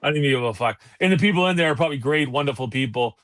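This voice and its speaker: A man, co-hosting a casual talk show and telling profane, animated stories. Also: medium pitch, rapid-fire. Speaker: podcast co-host. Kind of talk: casual chat.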